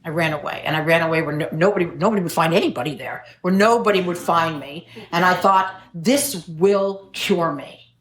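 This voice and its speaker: Middle-aged woman, recovery-meeting speaker, self-mocking humor, lower register, roomy echo. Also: quick pace, hardly any pauses, a bit bright. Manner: wry, self-mocking storytelling with jokes. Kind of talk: personal recovery talk at a meeting. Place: meeting room. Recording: echoey meeting room.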